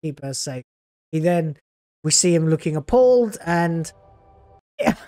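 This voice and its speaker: A woman's voice: low-pitched, animated, unhurried, mellow, soft background music. Sarcastic woman reacting to a trailer. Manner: sarcastic and scathing, exasperated groans. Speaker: YouTube reaction host. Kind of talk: video reaction commentary.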